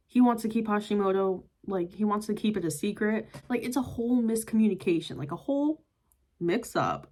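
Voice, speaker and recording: A woman's voice: medium pitch, darkish tone. Chatty young woman retelling a manga. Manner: chatty retelling, heavy use of "like" and "yada yada". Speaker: manga reviewer. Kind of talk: casual book review vlog.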